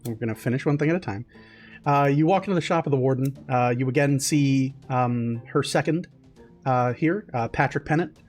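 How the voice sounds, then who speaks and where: A man's voice: medium pitch, brisk, darkish tone, faint music behind. A man narrating as game master of a tabletop game, loose and laughing, with many fillers.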